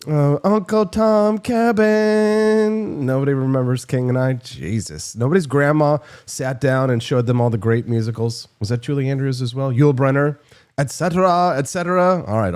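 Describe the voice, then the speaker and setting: A man hosting a live political talk show, joking and sarcastic with quick asides. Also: medium pitch, darkish tone. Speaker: host.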